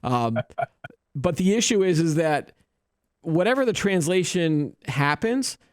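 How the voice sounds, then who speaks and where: Smooth-voiced man hosting a tech chat. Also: high voice, expressive, a little slow, no room sound, clean studio sound. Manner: chatty and joking, with many restarts. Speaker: tech show host. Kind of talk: casual tech news chat.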